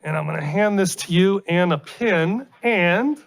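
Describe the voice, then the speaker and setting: A man's voice: sits high, measured pace, no room sound. An American man presiding over a city council meeting, speaking informally as he hands out an award.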